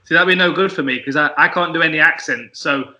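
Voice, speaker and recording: A man's voice: fairly high pitch, fast talker, pushed and bright, low-quality recording. A man hosting a podcast, telling sweary stories and laughing often in casual chat. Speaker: podcast host.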